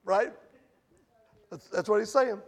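A man preaching a sermon with passion, swinging between loud outbursts and hushed storytelling. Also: high voice, takes it slowly.

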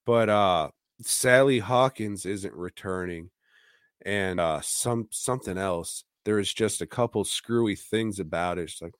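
A man with a lowish voice talks slowly and loosely on a podcast, rambling through movie opinions with lots of swearing and chuckles. The sound is close and dry, with no room around it. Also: expressive, no echo. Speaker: podcast co-host. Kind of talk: casual movie chat.

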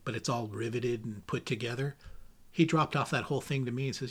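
Husky-voiced man telling family stories. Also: mid-range voice, fairly quick. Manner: rambling, with many fillers and restarts. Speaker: interviewee remembering his father. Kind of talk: casual storytelling.

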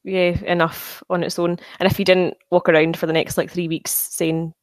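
A woman's voice: lowish voice, little pitch movement, moderate pace, no room sound. A woman co-hosting a podcast, chatting wryly and animatedly about films. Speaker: podcast co-host. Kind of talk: casual film chat.

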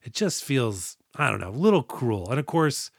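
A man's voice: medium pitch, sing-song, normal speed, creaky, no echo, studio quality. A man co-hosting a podcast, casually recapping a movie and jokingly acting out the characters' lines. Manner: joking, acts out quotes. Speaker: podcast co-host.

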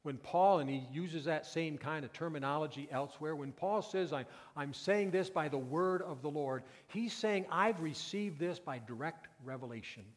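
A male pastor preaching a sermon, moving from quiet, intimate passages to loud, emphatic peaks. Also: on the high side, normal speed, hardly any pauses. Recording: long reverb of a church hall.

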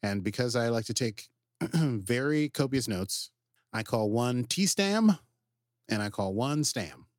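A man co-hosting a podcast, recapping episodes in casual, animated chat. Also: medium pitch, slow, no echo, studio quality. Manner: animated, jumps into quoted character voices. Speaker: podcast co-host.

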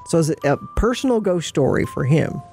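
Gravelly-voiced woman hosting a podcast. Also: low voice, brisk, soft background music. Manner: animated, repeats and restarts while telling a story. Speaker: podcast host. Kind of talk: casual storytelling chat.

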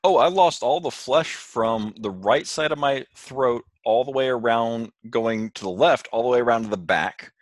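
A man telling a story in casual chat with animated delivery, acting out quotes. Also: mid-range voice, normal speed, hardly any pauses. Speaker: co-host, sailor.

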